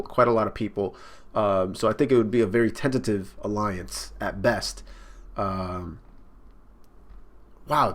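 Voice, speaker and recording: A man reacting live to a comic chapter, excited and swearing freely as he thinks out loud. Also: fairly low pitch. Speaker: manga reaction streamer.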